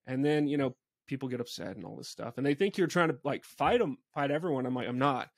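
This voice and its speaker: A man's voice: medium pitch, quick pace, gravelly, no echo, studio quality. A man who hosts a podcast and is a pastor, chatting casually. He tells stories wryly and acts out the reactions he quotes. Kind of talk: casual conversation.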